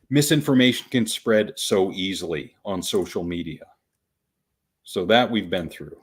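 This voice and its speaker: A man's voice: fairly low pitch, breathy edge. A man hosting a podcast, wryly and patiently walking listeners through a news story, step by step. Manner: wry, patient, explains slowly and deliberately. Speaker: podcast host. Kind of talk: casual podcast commentary.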